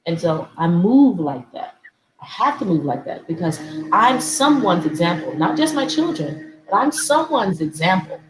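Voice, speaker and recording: A woman's voice: on the low side, very animated, normal speed, echoey room, noisy background. A woman hosting a talk show, speaking emphatically and repeating key phrases. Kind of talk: casual talk show conversation.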